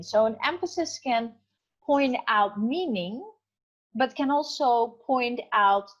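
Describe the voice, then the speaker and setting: A woman teaching an English class over a video call, chatty and encouraging, often checking that students follow. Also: on the high side. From Indonesia. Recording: dull muffled video call audio.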